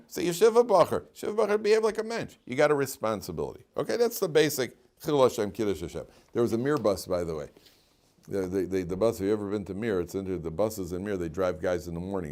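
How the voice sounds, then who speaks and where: A man giving an informal Torah class to yeshiva students, telling stories, asking rhetorical questions and translating Hebrew terms as he goes. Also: fairly low pitch. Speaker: rabbi teaching yeshiva students.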